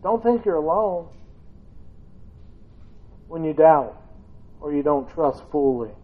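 A man's voice: a little high, lively intonation, slow. A man preaching a conversational sermon, telling stories with humor and acting out voices from the reading. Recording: tinny phone-like sound.

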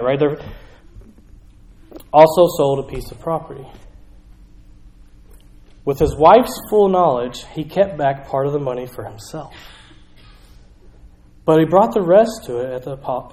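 A man with a Southern US accent delivers a sermon, chatty and animated as he talks his congregation through a passage. His voice sits a little high for a man and rings in an echoey room. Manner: animated, conversational preaching with acted quotes. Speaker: pastor.

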